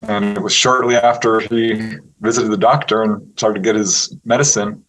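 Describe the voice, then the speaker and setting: A man, a guest on an interview show, telling stories in a casual, animated way, laughing often and acting out what people said. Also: fairly low pitch, normal speed, low-quality recording. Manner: animated storyteller who laughs often and acts out quotes. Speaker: interview guest, UFO researcher.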